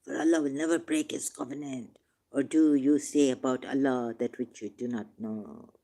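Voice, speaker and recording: A man reading scripture verses aloud and commenting on them, turning emotional, shifting between quiet musing and loud, drawn-out declaiming. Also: mid-range voice, steady tone. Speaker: religious commentator.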